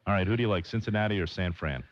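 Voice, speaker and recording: A man's voice: deep voice, no echo. Joking male sports radio host, lo-fi. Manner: quick, joking banter. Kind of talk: call-in sports radio chat. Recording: dull lo-fi AM radio broadcast.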